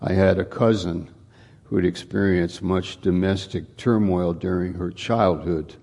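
A male pastor preaching a sermon, unhurried and often repeating or restarting his words. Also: low-pitched, steady tone, gravelly, warm tone, breathy edge.

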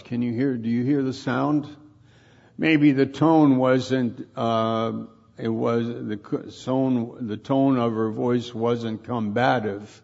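A man giving an informal sermon on scripture, talking in a halting way that repeats and restarts words as he reflects. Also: mid-range voice, creaky, a little mellow, dull audio.

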